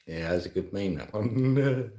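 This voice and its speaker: A man's voice: on the low side, lively intonation, measured pace, mellow. A middle-aged man, chatting casually and laughing often as a livestreamer reads and answers his chat. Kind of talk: casual live stream chat.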